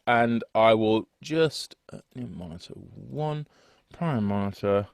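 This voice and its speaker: A man's voice: fairly low pitch, slow pace, vocal fry, clear, resonant tone, dry recording. Chatty male music teacher, dry sound. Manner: chatty, rambling, self-deprecating. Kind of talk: online music theory lesson. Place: home setup with two screens. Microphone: desk microphone on a video call.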